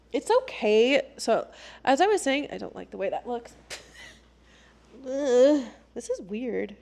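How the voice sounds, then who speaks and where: A woman's voice: very animated, slow pace, gravelly, long pauses, a little mellow. Chatty laughing young woman podcaster. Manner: chatty, laughs often, acts out quoted lines in a higher voice. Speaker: podcast host. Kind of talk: casual solo podcast talk.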